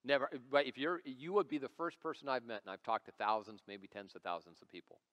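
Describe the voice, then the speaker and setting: He talks fast in a mid-range, slightly bright voice. A lead pastor in his forties, he preaches conversationally and tells stories with self-deprecating humor, recorded live amid the reverb of a church sanctuary.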